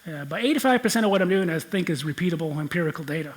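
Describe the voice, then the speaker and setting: A man's voice: fairly high pitch, lively intonation, very fast, poor audio. A man with a Michigan accent giving a conversational geology lecture from slides, often repeating words as he explains. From Michigan, United States. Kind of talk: lecture presentation.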